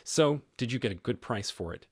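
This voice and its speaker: Anxious pleading wife in a storybook reading, voiced by a man, husky and lively. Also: medium pitch, fairly quick, dry recording, studio quality. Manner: pleading, flustered. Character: anxious wife, woman, desperate on the phone.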